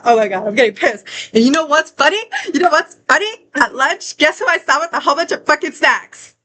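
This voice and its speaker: A woman's voice: high voice, expressive, a little fast, hardly any pauses, bright, forceful tone, poor audio. A young adult woman telling a storytime vlog in a heated, profane rant, repeating herself as she gets worked up. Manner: heated, profane, repetitive ranting. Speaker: vlogger.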